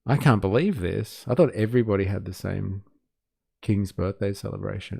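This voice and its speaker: A man's voice: fairly low pitch, normal speed, creaky, mellow, husky, dry recording, clean studio sound. A man hosting a livestream, reading out viewer comments in a casual, swearing, mock-outraged way. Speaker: livestream host.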